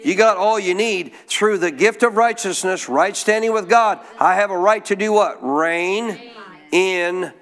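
A man's voice: high voice, a little slow, fairly bright tone. A man preaching a sermon to a congregation, emphatic, often asking them questions and having them repeat after him. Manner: emphatic call-and-response preaching, quizzing the congregation. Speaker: pastor.

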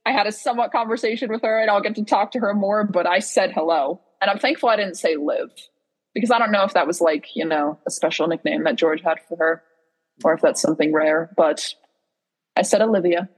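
Excitable young woman, husky voice. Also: fairly low pitch, fairly quick, low-quality recording. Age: young adult. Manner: excitable storyteller, animated retelling. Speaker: podcast co-host. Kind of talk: casual chat.

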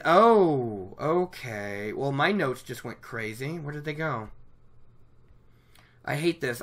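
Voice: medium pitch, pushed and bright. A speaker casually recapping a book chapter from home, chatty and rambling, often correcting themselves mid-sentence. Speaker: book reader discussing a chapter. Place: at home by a laptop.

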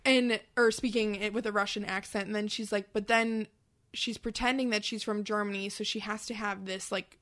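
A woman's voice: medium pitch, steady tone, normal speed, fairly bright tone. A woman co-hosting a podcast, rambling casually with many fillers and some swearing. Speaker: podcast co-host. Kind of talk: casual chat.

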